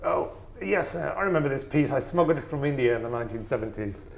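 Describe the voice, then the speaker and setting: A man's voice: mid-range voice, expressive, quick pace, gravelly, echoey room, pitched above the performer's own voice. A man voicing an eccentric old English collector of about seventy-five, haughty and breezy.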